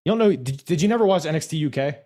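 A man hosting a podcast in casual wrestling chat, talking in a halting way with many fillers and restarts and laughing easily. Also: fairly high pitch, expressive, mellow. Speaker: podcast host.

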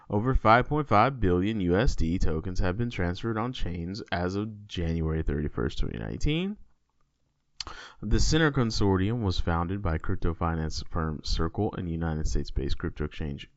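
Low-ish jokey podcast dude rambling along, dry muffled sound. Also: male voice, no echo. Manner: loose, joking and rambling. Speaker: podcast co-host. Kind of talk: casual chat.

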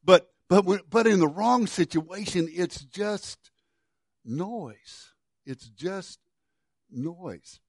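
A middle-aged man preaching a sermon in a conversational way, restarting and repeating words, and dropping to a quiet low voice on key words. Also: animated, drawn-out words, dry recording, studio quality. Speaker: pastor.

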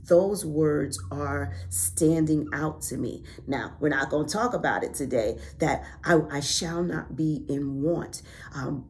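A woman hosts a devotional podcast, her low voice carrying a gravelly fry. She talks slowly and reflectively, then builds to emphatic, preacher-like cadences. A faint hiss sits under the recording. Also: a little mellow. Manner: reflective, lingering on key words. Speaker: podcast host. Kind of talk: devotional Bible teaching.

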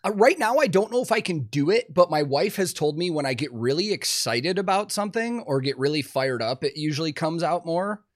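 A man from Chicago hosting a podcast, chatting in a relaxed way with plenty of fillers. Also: on the high side, a little fast, few pauses. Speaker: podcast host. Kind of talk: casual podcast chat.

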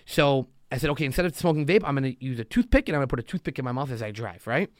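A man's voice: mid-range voice, lively intonation, racing. A man talking as a podcast guest, telling stories and acting out quotes in long motivational runs. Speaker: podcast guest, loan officer. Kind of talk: casual podcast talk.

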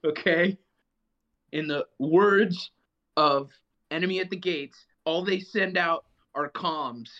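A man co-hosting a casual veteran chat show, ranting in animated, mock-indignant bursts. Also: fairly high pitch, slow, lo-fi sound. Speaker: podcast co-host, Marine veteran. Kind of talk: casual banter.

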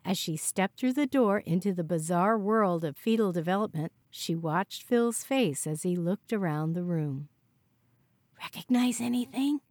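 A woman reading a novel aloud in steady, scripted narration on a close mic. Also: lowish voice, normal speed, few pauses, no room sound. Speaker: audiobook narrator.

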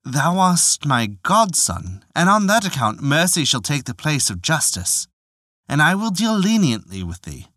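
A stern nobleman count speaks formally and with measured weight, as a storyteller does him. The voice is bright and sounds close and dry. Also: a little high, very animated, no room sound, heavily acted. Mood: grave.

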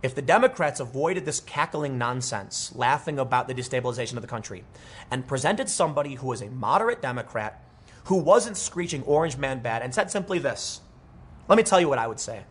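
A young man delivering an animated, rambling political commentary monologue, with frequent restarts. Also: medium pitch, a little fast, husky.

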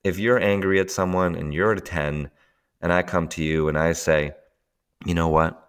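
A low-pitched man with a clean tone and moderate pace chats about emotional tapping as a podcast guest and tapping teacher. Animated and often laughing, he acts out people's inner voices.

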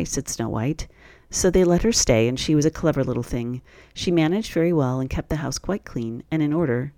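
A man reading a classic fairy tale aloud in a steady, plain storytelling voice. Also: on the high side, normal speed, dry recording, studio quality.

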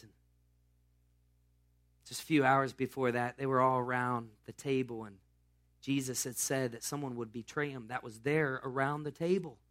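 A man's voice: mid-range voice, steady tone, normal speed. A man pastor preaching a sermon in a casual, storytelling way.

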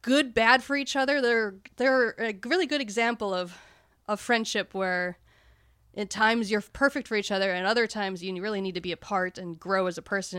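Casting: woman, smooth clear voice, dry close sound, candid podcast co-host. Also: mid-range voice, dry recording. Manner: candid, swears casually, lively. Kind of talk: casual podcast film discussion.

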